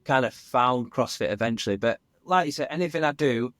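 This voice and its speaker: A man's voice: mid-range voice, lively intonation, a little fast, fairly bright tone, no echo, studio quality. A young man, a firefighter guest on a podcast, talking candidly in a casual way, full of fillers and "mate". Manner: chatty, many fillers, says "mate" often.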